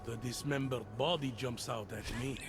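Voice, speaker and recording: An actor playing a world-weary middle-aged police detective in a video game, dry and matter-of-fact. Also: male voice, mid-range voice, steady tone, moderate pace, music in the background, close to an everyday voice. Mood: stern.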